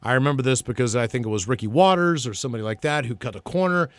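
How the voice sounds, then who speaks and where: A man's voice: mid-range voice, very fast, no room sound. A man co-hosting a podcast, telling a story with energy and often restarting or repeating words as he goes. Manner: energetic, stumbles and repeats words when excited. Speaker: podcast co-host. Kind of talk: casual storytelling chat.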